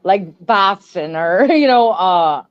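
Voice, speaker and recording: A woman's voice: medium pitch, expressive, takes it slowly, smooth, dry recording. A chatty Canadian woman hosts a casual livestream, laughing easily and filling her talk with "like." Her voice sits mid-range and comes through dry and a little muffled, as over a cheap webcam mic. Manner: giggly, chatty, lots of "like". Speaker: livestream host.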